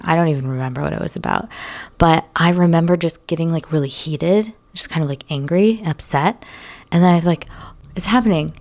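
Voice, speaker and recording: A young adult woman talking casually as a mindset coach, chatty and full of "like" and "right?", sometimes dropping into a whisper. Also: sits low. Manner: chatty, frequent "like" and "right?", breaks into soft whispers. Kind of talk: casual solo talk to camera.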